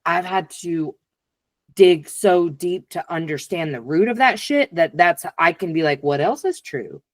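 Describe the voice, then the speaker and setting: A woman's voice: lowish voice, measured pace, no echo. A woman in her forties hosting a podcast, talking candidly and acting out her own inner voices in casual conversation. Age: 40s. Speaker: podcast host.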